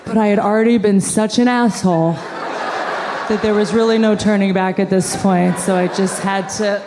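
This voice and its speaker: A woman's voice: medium pitch, steady tone, moderate pace, in a large hall, noisy background. A woman in her thirties performing a sarcastic stand-up comedy set on a large theater stage before a live audience. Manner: sarcastic, wry storytelling.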